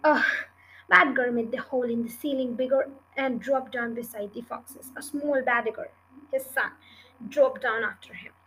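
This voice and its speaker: A woman reading a children's book chapter aloud in an earnest, steady way. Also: a little high, normal speed, slight background noise, rough recording. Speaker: storybook reader.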